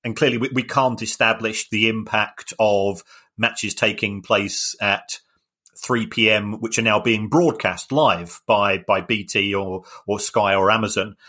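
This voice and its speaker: A man co-hosting a podcast, explaining club finances in a measured way with frequent restarts. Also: on the low side, fairly even intonation, sharp tone. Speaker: football finance expert co-host. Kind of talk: casual chat.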